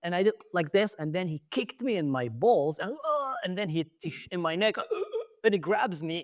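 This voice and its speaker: A man's voice: high-pitched, expressive, a little fast. A young adult man hosting a podcast, telling a story with animation and acting out scenes in casual conversation. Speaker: podcast host.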